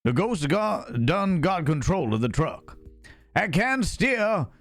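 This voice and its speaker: A man voicing a panicked Southern ghost-hunting trucker with an exaggerated Texan hick drawl, loud and shouting. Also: high-pitched, big pitch swings, slow pace, no echo, faint music behind, pitched above the performer's own voice, heavily acted. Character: panicked Southern male trucker ghost hunter, reality TV type.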